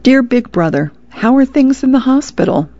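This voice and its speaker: A woman's voice: high voice, lively intonation, moderate pace, warm tone, dry recording, voice pushed up. A woman doing a sassy little girl. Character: cheeky little sister writing a letter. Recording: dull lo-fi radio sound.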